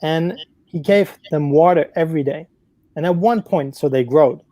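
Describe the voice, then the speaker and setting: Woman co-host with a mellow voice, chatty. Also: low-pitched, normal speed, no room sound, rough recording. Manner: chatty, lots of "like" and "you know" fillers. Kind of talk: casual live-stream chat.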